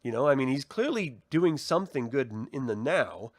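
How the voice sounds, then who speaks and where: A man chatting casually as co-host of a TV episode review. He swears freely, laughs often and slips into quick impressions of the characters. His voice sits at an average pitch, recorded dry and close. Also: lively intonation, dry recording. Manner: profane, laughing, acts out quotes. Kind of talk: casual chat.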